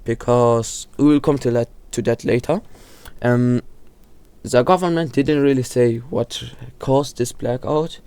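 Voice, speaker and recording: A man's voice: medium pitch, steady tone, measured pace, darkish tone, clear, resonant tone, dry recording. A man casually explaining horror lore, often stumbling, restarting and correcting himself, with lots of fillers. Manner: informal, filler-heavy delivery.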